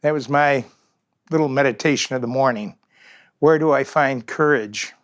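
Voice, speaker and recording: An older man giving a gentle, reflective talk with pauses. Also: medium pitch, no echo, studio quality. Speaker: speaker in a talk series on aging.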